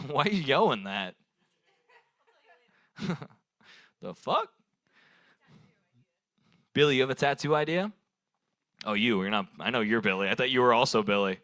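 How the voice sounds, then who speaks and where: A man's voice: medium pitch, fairly bright tone, no echo. A young man doing rambling improvised stand-up at an open mic, taking audience suggestions and laughing at his own jokes. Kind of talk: improvised stand-up crowd work. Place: bar stage at an open mic night.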